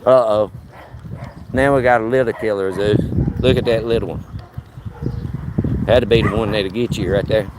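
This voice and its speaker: This vlogger, a man in his 50s, strolls a neighborhood street on a live stream, joking folksily with his dog. He speaks at a moderate pace in a fairly low, steady voice, leaving long pauses, while background noise and faint outdoor ambience surround him.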